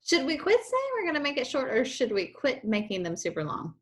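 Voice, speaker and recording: Chatty middle-aged woman co-host, teasing, with lively up-and-down pitch. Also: brisk. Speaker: podcast co-host. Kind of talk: casual chat.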